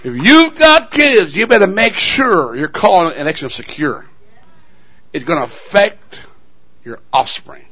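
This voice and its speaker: A man's voice: sits high, sing-song, a little slow, sharp tone. A male pastor preaching a sermon, telling a story dramatically and calling out to the congregation. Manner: dramatic storytelling, call-and-response.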